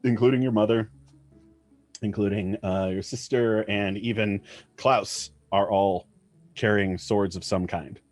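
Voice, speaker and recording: A man narrating as game master for a tabletop game, halting often with ums and uhs. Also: lowish voice, steady tone, no room sound. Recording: faint music behind.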